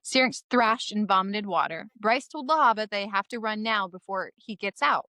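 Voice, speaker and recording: A woman's voice: mid-range voice, moderate pace, pushed and bright, no echo. A woman co-hosting a podcast, giving an irreverent, swearing chapter recap while close to tears. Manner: irreverent and swearing, often laughing through tears. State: emotional, close to crying. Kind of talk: casual podcast recap, reading a comic chapter summary.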